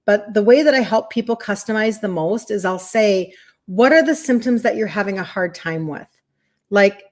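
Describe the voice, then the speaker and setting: A woman in her fifties with an American accent, talking casually to viewers on a live stream. She rambles in a chatty way and breaks into quick laughs, at an ordinary middle pitch for a woman. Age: 50s. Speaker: health coach hosting a live stream.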